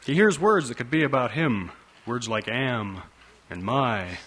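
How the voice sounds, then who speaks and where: A man's voice: medium pitch, lively intonation, measured pace, background noise. A man reading a story aloud in a dry, wry narration style. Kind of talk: scripted audiobook narration.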